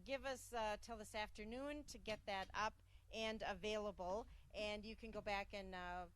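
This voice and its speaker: Woman, cooking-show host, mid-pitched, upbeat and chatty with lots of ums. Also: steady tone, moderate pace, fairly bright tone, slight background noise. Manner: chatty, filler-heavy, upbeat promotional. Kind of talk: live cooking show hosting.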